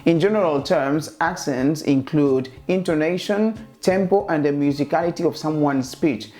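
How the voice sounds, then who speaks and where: Man narrating over soft music. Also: on the high side, normal speed. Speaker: host. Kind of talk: scripted educational narration.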